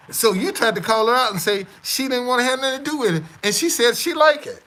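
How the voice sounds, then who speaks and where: A man's voice: extremely high pitch, fast talker, hardly any pauses, pushed and bright, low-quality recording. A man hosting a live stream, talking to his audience in a stammering, repetitive, defiant way. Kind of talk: casual live-stream monologue.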